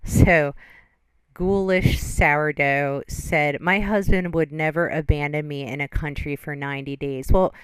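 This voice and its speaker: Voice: medium pitch, fairly even intonation, measured pace, clean tone, dry recording. A reaction channel host giving casual, judgmental commentary on a video and reading chat comments aloud.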